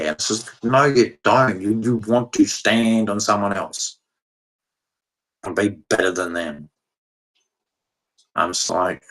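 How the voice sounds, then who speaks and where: A man's voice: on the low side, low-quality recording. A man ranting bluntly and repetitively in a casual vlog monologue. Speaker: vlogger.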